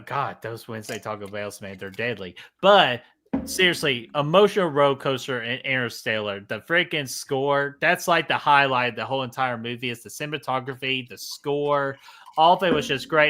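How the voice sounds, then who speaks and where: Excitable guy cohosting a movie podcast, bright forceful voice, jokes and swears a lot. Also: medium pitch, normal speed. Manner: excitable, joking, swears freely. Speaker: podcast co-host. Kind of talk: casual chat.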